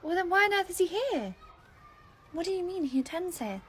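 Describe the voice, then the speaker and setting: A woman's voice: extremely high pitch, big pitch swings, brisk, slight background noise, voice pushed up. A woman doing a haughty, indignant mum. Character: rude, entitled woman, a parent at a nursery.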